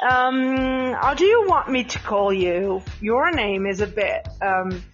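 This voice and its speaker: Woman live chat host, mixed British-American accent, rambling chatty talk, slightly high voice, slow pace. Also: lively intonation, highs cut off, soft background music. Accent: mix of British and American English. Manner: chatty, rambling, with frequent fillers and laughs, addressing listeners by name. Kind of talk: casual live chat with listeners.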